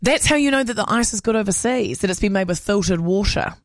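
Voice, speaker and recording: High-voiced chatty male radio host. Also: animated, fast, no room sound, clean studio sound. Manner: chatty, jokey storytelling. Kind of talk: casual radio banter.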